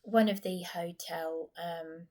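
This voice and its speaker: A woman's voice: on the low side, steady tone, slow, darkish tone. A woman, recounting a story in a rambling, agitated personal vlog. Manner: agitated, rambling retelling with restarts. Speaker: vlogger.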